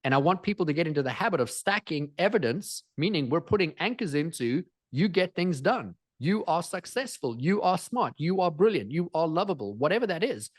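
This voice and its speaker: A man speaking as a guest in an interview, energetic and emphatic, driving points home with repetition. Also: fairly high pitch, fairly quick, hardly any pauses, dry recording, clean studio sound. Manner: energetic, emphatic, repeats phrases for effect. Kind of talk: animated interview storytelling.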